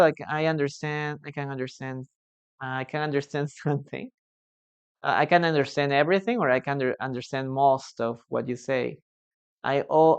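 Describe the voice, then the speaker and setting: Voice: mid-range voice, clear, resonant tone. An English teacher giving a live online lesson, reading out student sentences and patiently correcting them, often ending with a questioning "no?". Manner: ends points with a questioning "no?".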